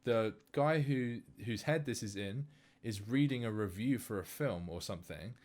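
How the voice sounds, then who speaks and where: Male podcast co-host, lower register, animated casual film chat. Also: moderate pace. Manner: animated, many fillers and restarts.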